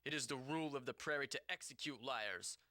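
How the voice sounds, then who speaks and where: A man's voice: medium pitch, fairly quick, sharp tone, no echo, studio quality, natural voice. A man reading as a stern plains warrior. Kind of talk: reading game dialogue aloud on a stream.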